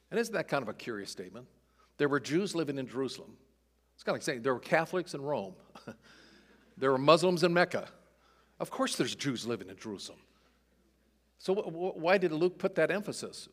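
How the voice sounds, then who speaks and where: A man's voice: a little high, a bit bright. A man preaching an expository sermon in a conversational way, reading scripture aloud with dramatic emphasis. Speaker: pastor. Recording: long hall reverb.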